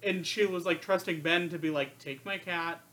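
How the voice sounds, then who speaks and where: A man's voice: on the high side, normal speed, a crowd in the background. A man co-hosting a casual film discussion, thoughtful and hedging as he builds his argument.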